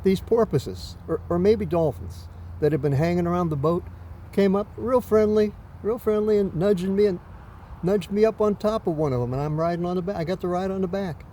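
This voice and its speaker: A man tells a dream story in a loose, rambling, self-deprecating way. His voice sits a little high but sounds mellow and soft-edged. Faint traffic noise carries in from outdoors. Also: fairly quick. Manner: rambling, self-deprecating, with many fillers and restarts. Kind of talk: casual storytelling, recounting a dream.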